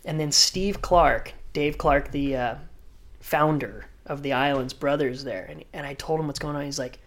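A man's voice: on the high side, moderate pace. A man, a professional surfer, telling a story in a casual podcast interview and acting out what others said. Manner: animated, vivid storyteller who acts out others' lines.

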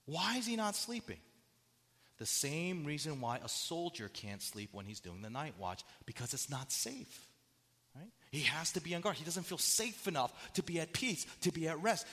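A man's voice: fairly high pitch, bright, forceful tone, big-room sound. A man preaching a sermon, asking the audience rhetorical questions and acting out quotes with dramatic shifts. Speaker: pastor.

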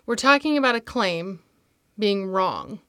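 A woman's voice: mid-range voice, expressive, a little slow, pushed and bright, clean tone, no room sound. A woman co-hosting a test prep podcast, teasing her partner in a dry way. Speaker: podcast co-host. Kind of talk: casual chat and test prep.

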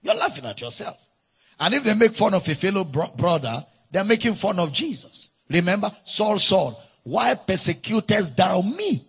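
A man's voice: high-pitched, lively intonation, moderate pace, hardly any pauses, slightly rough. A man with a Nigerian accent preaching a sermon as pastor, emphatic and leading the congregation in call-and-response. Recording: echoey church hall.

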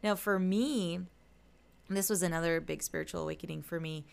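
A middle-aged woman with a smooth, resonant voice that sits on the low side, chatting on a spiritual podcast. She tells personal stories in animated fashion and slips into the voices of the people in them. Her tone stays casual and conversational. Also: moderate pace. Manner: animated storyteller, acts out quotes. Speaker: podcast co-host, medium.

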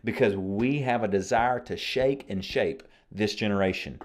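A man with a lowish voice hosts a faith podcast at a moderate pace. He preaches fervently, then shifts to chatting warmly and jokingly with listeners.

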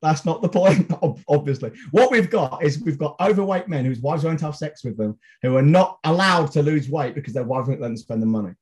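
A man's voice: a little high, expressive, brisk, few pauses, darkish tone. A middle-aged man, co-hosting a podcast in blunt, outspoken, sweary casual chat. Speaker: podcast co-host.

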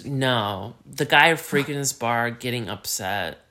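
A man co-hosting a podcast, retelling a story in casual chat and jumping into high squeaky voices for the characters. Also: takes it slowly, sharp tone. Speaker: podcast co-host.

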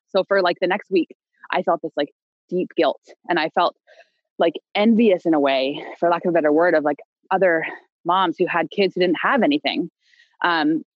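A woman's voice: on the low side, no room sound, highs cut off. Young woman telling a rambling story. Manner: rambling, many fillers and restarts, laughs now and then. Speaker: podcast guest. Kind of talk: casual conversational storytelling.

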